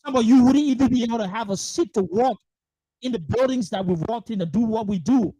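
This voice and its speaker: A rough, dry recording from a livestream mic captures an enraged political host mid-monologue, speaking a little fast in a mellow, middle-pitched voice. He swears and hammers the point emphatically, asking the same rhetorical questions over and over, with the sound close and no room around it.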